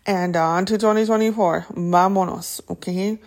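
Speaking at a moderate pace in a steady, mid-range voice, she hosts a podcast and delivers an easygoing, upbeat pep talk. Her chatty style includes fillers, restarts, frequent "right?" and "okay?", and the occasional Spanish word.

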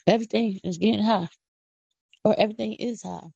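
A middle-aged woman from Philadelphia with a Philadelphia accent, hosting a casual, preachy podcast monologue with excited whoops. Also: medium pitch, a little fast, gravelly, long pauses, breathy edge, dry recording. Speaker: podcast host. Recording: dull lo-fi audio.

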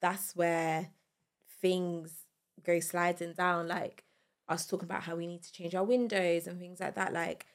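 A woman's voice: on the low side, little pitch movement, unhurried. A woman co-hosting a casual couple's podcast, chatty and giggly with plenty of fillers. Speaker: podcast co-host.

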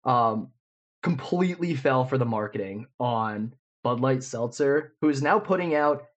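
Here the podcast co-host, a man in his twenties, tells a meandering, filler-laden story in casual chat. His medium-pitched voice has lively intonation and an unhurried pace, though the audio is dull.

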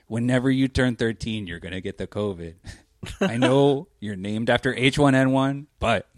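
A man's voice: mid-range voice, measured pace, no echo, clean studio sound, natural voice. A man voicing a father lecturing his young kid about family matters, in a mock-stern, teasing way.

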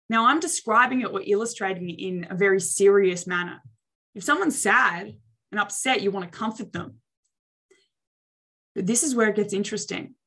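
A young adult woman coaching on social skills in a lively motivational talk, acting out reactions with exaggerated expressions. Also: medium pitch.

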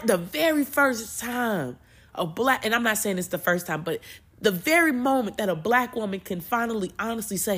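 A young adult woman hosting a podcast, talking casually about faith in an emotional, animated way, often repeating and restarting her words. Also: on the low side. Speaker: podcast host and preacher. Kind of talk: casual spiritual talk.

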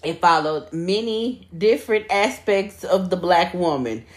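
A woman's voice: fairly low pitch, measured pace. A young woman co-hosting a podcast, chatting casually with lots of swearing and laughter. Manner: animated, profane, laughs often. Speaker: podcast co-host. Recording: echoey room.

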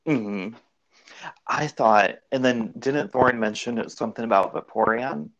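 A man's voice: mid-range voice, measured pace, dull audio. A man hosting a podcast, chatting casually and rambling through shared memories. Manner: relaxed, rambling, recalls memories aloud. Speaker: podcast host. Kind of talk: casual chat.

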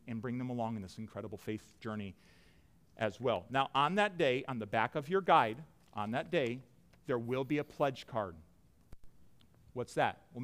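A man preaching a sermon as pastor to his church, emphatic, with loud rises and soft drops. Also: mid-range voice. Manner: emphatic preaching, rising and dropping in loudness. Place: church sanctuary.

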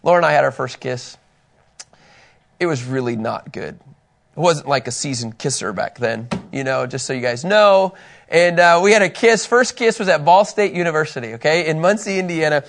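A middle-aged man teaching a Bible class in a casual, animated way, telling personal stories and laughing at himself. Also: fairly high pitch, normal speed.

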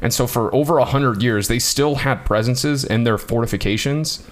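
A man with a mid-range voice, speaking at normal speed, co-hosts a casual history podcast. He talks loosely, with plenty of fillers and frequent laughter.

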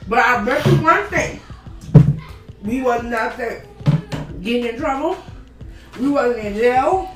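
A woman chatting casually as a podcast co-host, telling animated anecdotes and laughing through them. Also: a little high, slow, long pauses, recorded from a distance, over loud music. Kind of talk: casual chat. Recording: echoey room, off-mic.

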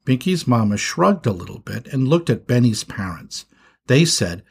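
A man narrating a children's story with an expressive, animated reading. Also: medium pitch, moderate pace, gravelly, husky.

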